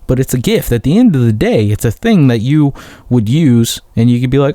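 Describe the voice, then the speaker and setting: A man's voice: medium pitch, expressive, fairly quick, dark tone, dry recording, clean studio sound. A man hosting a podcast, telling a rambling, profane story in a casual solo monologue. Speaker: podcast host.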